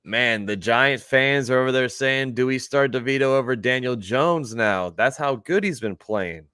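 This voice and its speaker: A man's voice: mid-range voice, moderate pace, bright, forceful tone, smooth, no room sound, studio quality. A man co-hosting a casual football talk show, laid-back and chuckling, greeting chat viewers as he talks. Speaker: sports show co-host.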